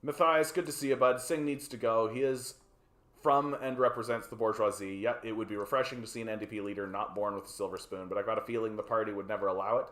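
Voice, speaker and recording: A man's voice: on the low side, fairly even intonation, fast, fairly bright tone, echoey room. A man with a Canadian accent, hosting a livestream of casual political commentary, rambling and profane, tagging his points with "right?". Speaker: livestream host.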